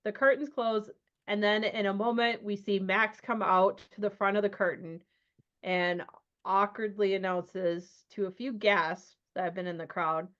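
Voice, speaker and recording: A woman's voice: medium pitch, steady tone, a little slow, fairly bright tone. A woman narrating a tabletop horror game as game master, loose and chatty, with many ums and likes. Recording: dull lo-fi sound.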